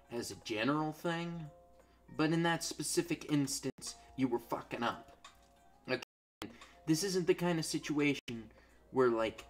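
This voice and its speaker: A young man commenting on a strategy game in a crude, sarcastic way, swearing constantly and swinging from low mutters to loud outbursts at his units. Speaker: gameplay commentator. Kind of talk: crude, ranting gameplay commentary.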